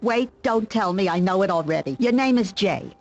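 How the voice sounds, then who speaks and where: A man's voice: high-pitched, expressive, normal speed, muffled recording, soft background music, pitched above the performer's own voice. A man voicing an old female gypsy fortune teller, a nagging, sarcastic grandmother with a mock Yiddish accent, for a video game playthrough. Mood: kvetching. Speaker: streamer voicing game characters.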